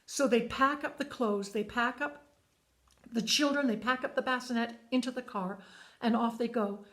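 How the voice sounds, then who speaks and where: A woman with a somewhat high voice recounts a story aloud in a simple, sincere manner. She circles back on her words now and then, keeping the telling unpolished and heartfelt. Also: steady tone, normal speed, a bit bright. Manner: earnest, plain retelling with frequent repeats. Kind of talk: spoken storytelling monologue.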